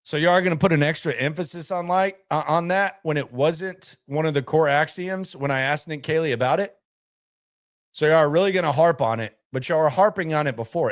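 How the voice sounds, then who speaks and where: A man hosting a live sports talk stream, emphatic and repetitive, hammering his points home and rambling with restarts and asides. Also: on the high side. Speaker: sports talk show host.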